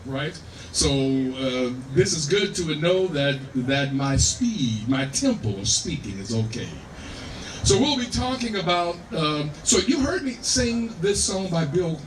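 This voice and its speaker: Between songs at the piano in a live performance room, a Californian man lectures on music in a relaxed, unhurried way, often tagging "right?" to check on his listeners. His voice runs on the high side; the distant mic gives roomy sound with a little hiss or hum, and piano plays in the background.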